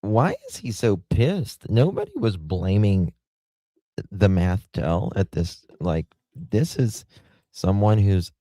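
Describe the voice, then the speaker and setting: A man hosts a casual livestream in a chatty, defiant way. His voice is deep and unhurried, with a mellow tone. It sounds dry and close. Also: no echo. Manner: chatty, defiant, thanks viewers warmly. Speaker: livestream host.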